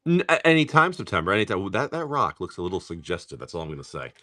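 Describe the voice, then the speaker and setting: A man's voice: deep voice, sing-song, fast, pushed and bright. A man hosting a live stream where he opens card packs, chatting casually and upbeat with viewers, greeting them by name and swearing freely.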